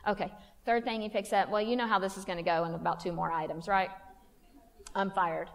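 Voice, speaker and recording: A woman's voice: mid-range voice, steady tone, brisk, creaky, noisy background. A woman telling a funny personal story to a women's church conference, in a folksy, self-mocking way. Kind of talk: humorous personal testimony talk. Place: church hall. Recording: long hall reverb.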